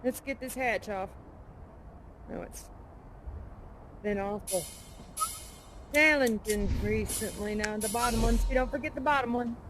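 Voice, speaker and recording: A woman's voice: a little high, measured pace, long pauses, over music, natural voice. An actress playing a plucky, adventurous woman aviator of the 1930s, leading a live audience with folksy, hearty storytelling. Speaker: live actor in a virtual reality theater show. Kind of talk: interactive theatrical role-play with an audience.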